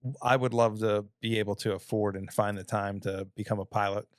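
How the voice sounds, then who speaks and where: A man's voice: on the low side, fairly even intonation, a little fast, no echo, clean studio sound. A man hosting a casual talk show, asking curious questions with playful asides. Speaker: podcast host. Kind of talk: casual chat.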